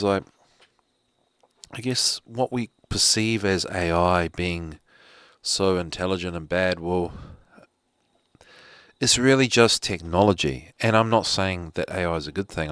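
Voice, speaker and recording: Low-voiced rambling livestream host. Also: male voice, fairly bright tone, no room sound, studio quality. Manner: rambling, joking asides. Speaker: host of a live show. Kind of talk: casual rambling livestream talk.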